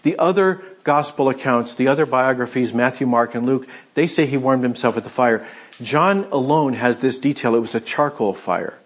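Husky-voiced male pastor preaching. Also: mid-range voice, normal speed. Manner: conversational storytelling, retelling scripture with quoted voices. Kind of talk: sermon.

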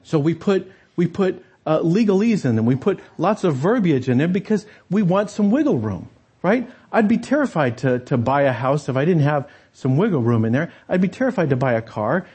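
A man's voice: fairly high pitch, big pitch swings, normal speed, warm tone, breathy edge. A man preaching a sermon as pastor, talking conversationally and turning to the congregation with rhetorical asides.

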